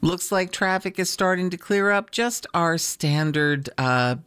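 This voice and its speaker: Smooth, dry-voiced morning radio announcer. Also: mid-range voice, dry recording. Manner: relaxed, unhurried, with small fillers. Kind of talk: classical radio announcing with weather and traffic. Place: radio studio.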